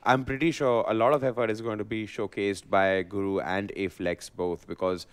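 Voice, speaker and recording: Excitable esports caster, man. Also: on the low side, normal speed, smooth. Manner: playful, excitable, teasing co-caster. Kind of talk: live esports commentary.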